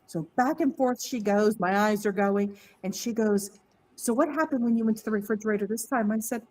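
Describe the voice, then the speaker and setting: A woman telling a candid personal story on a podcast, lively and quoting others in her tale. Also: mid-range voice, brisk, rough recording. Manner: candid, animated, mimics voices in quotes. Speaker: podcast guest. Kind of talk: casual storytelling.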